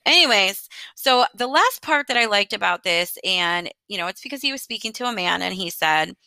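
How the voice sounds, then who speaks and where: A woman in her thirties hosts a solo podcast with a bright, sharp tone. She talks in a chatty, earnest way and laughs lightly as she goes. The sound is close and dry. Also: medium pitch, animated, moderate pace, creaky, no room sound. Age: 30s. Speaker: podcast host. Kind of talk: casual solo podcast monologue.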